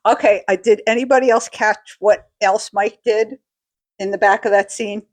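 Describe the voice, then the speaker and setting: A woman's voice: mid-range voice, steady tone, moderate pace. A woman co-hosting a podcast, chatting casually about a TV episode and telling a personal story. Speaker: podcast co-host. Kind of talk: casual chat recapping a TV episode.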